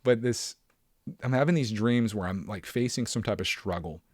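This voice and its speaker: A man's voice: lowish voice, normal speed, darkish tone, dry recording, clean studio sound. A man hosting his own podcast alone, talking casually in a rambling way with lots of fillers and self-deprecating asides. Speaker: podcast host. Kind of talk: casual solo podcast chat.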